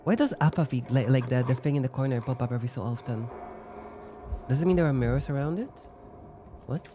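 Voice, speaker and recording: A man's voice: medium pitch, brisk, mellow, slight background noise. A man giving casual gameplay commentary, thinking aloud and musing with lots of "like" fillers. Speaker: let's-play gamer.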